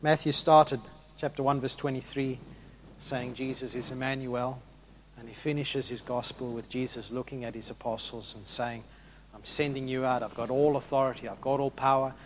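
A man preaching a sermon, swinging between loud rousing questions to the congregation and hushed, emphatic passages. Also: mid-range voice, fairly even intonation, moderate pace, a little hiss or hum.

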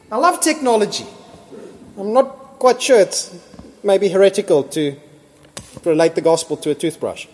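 A man preaches with a high, bright-edged voice. He is emphatic and animated, pressing his points until he is nearly shouting. A long reverb from the church hall trails after each phrase. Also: moderate pace. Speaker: pastor. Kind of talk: sermon.

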